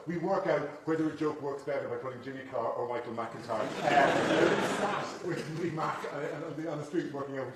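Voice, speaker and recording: A middle-aged Irish man, a comedian guest telling stories in swearing, animated chat. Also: medium pitch. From Ireland. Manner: animated storyteller, swears freely. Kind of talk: anecdotal chat. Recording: echoey room, far from the mic, loud noise.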